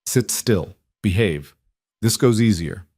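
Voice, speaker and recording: A man's voice: lowish voice, slow pace, no echo, clean studio sound. A man voicing a tall, coldly courteous mob enforcer with a thick Eastern European accent and broken English. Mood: coldly polite. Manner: broken English, calm and menacing.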